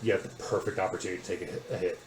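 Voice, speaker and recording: A man's voice: low-pitched, steady tone, racing, over music. A man narrating a tabletop game as game master, describing scenes with suspense. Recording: echoey room with loud noise.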